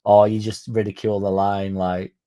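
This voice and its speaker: A man's voice: fairly low pitch, little pitch movement, moderate pace, warm tone. A man hosting a casual livestream, rambling, swearing and chatting to viewers by name. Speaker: fan channel livestream host.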